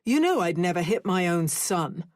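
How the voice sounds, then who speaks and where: A woman's voice: on the low side, sing-song, moderate pace, darkish tone, dry recording, studio quality. A woman voicing a brusque father who brushes off blame and turns defensive. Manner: brusque, dismissive. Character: gruff British father, dismissive and defensive.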